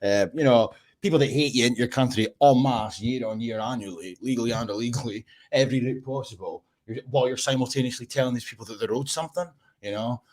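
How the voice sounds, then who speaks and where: A man in a casual chat who talks in a rapid, animated way and swears freely. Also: mid-range voice.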